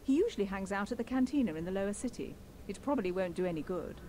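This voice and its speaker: A woman's voice: medium pitch, animated, fast, mellow, slight background noise, lightly acted. A woman voicing a wary, guarded young woman. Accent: British-sounding. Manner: guarded, defensive, reluctant to trust. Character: wary young woman hiding in her apartment.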